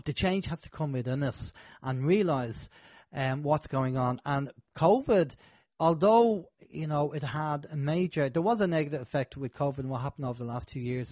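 A man's voice: on the high side, darkish tone, dry recording. A man hosting a casual conversation, talking in a rambling, hesitant way with many fillers.

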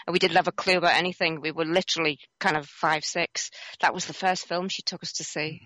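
Bright, earnest woman guest. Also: low voice, steady tone, fast, no echo. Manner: earnest, emphatic. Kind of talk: casual conversation.

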